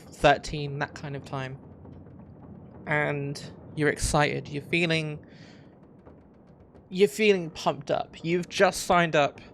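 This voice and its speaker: A man's voice: on the high side, creaky, a bit bright, slight background noise. A man narrating a tabletop pirate adventure as game master, with lots of "um" and "like" as he describes the scene. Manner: hesitant, filler-heavy narration. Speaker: dungeon master.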